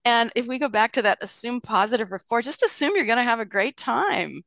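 A middle-aged woman talking as an author and guest in an interview, chatty and animated, laughing often as she talks. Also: a little high, a little fast, vocal fry, no echo. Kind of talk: conversational interview.

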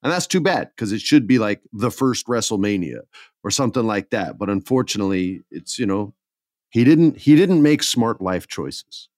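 A man co-hosting a podcast in a casual chat, animated and jokey. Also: lowish voice, moderate pace, dry recording, clean studio sound. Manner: animated, jokey, does goofy voices for quotes. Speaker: podcast co-host.

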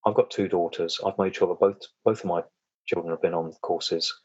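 Male podcast guest, very low breathy voice, rambling conversational delivery. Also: fairly even intonation, fairly quick, a little mellow, no echo, lo-fi sound. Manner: rambling, frequent restarts, chuckles. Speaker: podcast guest, self-defense and trauma coach. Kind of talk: casual interview chat.

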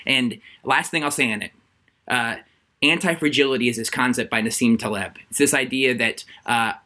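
A man with a bright, forward voice talks as a guest in an interview, laying out his ideas earnestly. He often backs up, restarts sentences and fills pauses with "uh". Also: mid-range voice. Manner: thoughtful, earnest, frequent restarts and fillers. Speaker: author and guest. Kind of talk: conversational interview.

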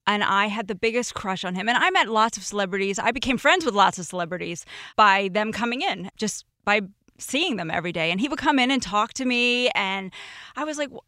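A woman's voice: mid-range voice, expressive, fairly quick, bright, forceful tone, dry recording, clean studio sound. A middle-aged woman telling personal stories in casual chat, acting out the quotes with animation. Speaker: guest.

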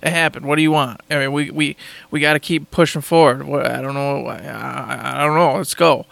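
A man voicing a gruff, awkward middle-aged warrior father who talks in a low, halting mumble. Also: steady tone, a bit bright, no room sound.

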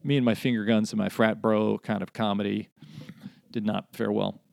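A man's voice: on the low side, little pitch movement, moderate pace, vocal fry, a little mellow, dry recording, studio quality. A man co-hosting a casual podcast, telling wry stories and laughing often. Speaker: podcast co-host. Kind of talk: casual chat.

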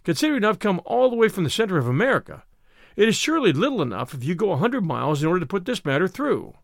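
A man reading an audiobook, voicing a brash, hurried male lawyer who talks loudly and insistently. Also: sits high, big pitch swings, gravelly, dry recording, clean studio sound, heavily acted. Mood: pushy.

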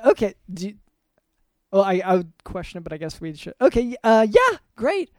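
Deadpan male co-host, dry close mic, lots of "um"s and stalls. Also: high-pitched, a little fast, dry recording. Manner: deadpan, hesitant, many fillers. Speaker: podcast co-host. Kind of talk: deadpan comedy podcast chat.

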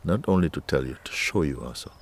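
A male spiritual teacher speaking to a listener in a gentle, playful way, laughing often and using nonstandard English grammar. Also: a bass voice, expressive, quick pace. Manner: gentle, playful, laughs often, repeats "you see" and "huh".

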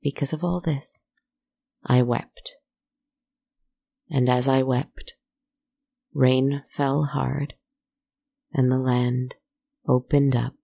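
Storyteller, soft reflective narration, slightly gravelly tone, dry close recording, speaks to the listener directly. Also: medium pitch, little pitch movement, extremely slow, long pauses, dry recording. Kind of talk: slow meditative story narration.

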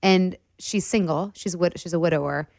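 A woman from Michigan, chatting as a guest in an expressive, talkative way. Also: lowish voice, moderate pace, creaky, dry recording, clean studio sound. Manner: chatty and expressive with laughs and exclamations. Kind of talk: casual interview chat.

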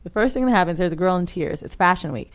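A woman's voice: lowish voice, animated, fast. A woman co-hosting a podcast, telling a wild story in a profane, dramatic, casual way. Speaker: podcast co-host.

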